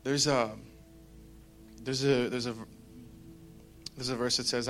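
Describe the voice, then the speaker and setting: A man's voice: mid-range voice, little pitch movement, slow, fairly bright tone, faint music behind. A young man giving a casual devotional talk, rambling and conversational with plenty of fillers. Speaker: Christian speaker.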